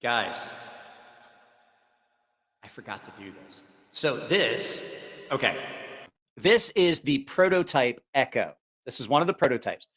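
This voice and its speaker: A man's voice: mid-range voice, very animated, slow, pauses often, a bit bright, breathy edge. A man hosting a casual livestream about knives, joking, teasing viewers and laughing often. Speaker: knife channel host.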